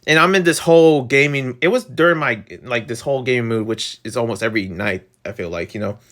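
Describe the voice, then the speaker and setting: A young man reviewing a video game in a rambling, excitable way, full of fillers. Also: medium pitch, a little fast.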